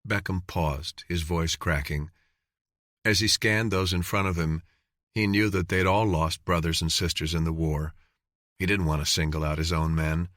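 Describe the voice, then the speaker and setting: Deep guy reading a thriller audiobook, even measured read, dry sound. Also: no room sound. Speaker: audiobook narrator. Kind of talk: scripted narration.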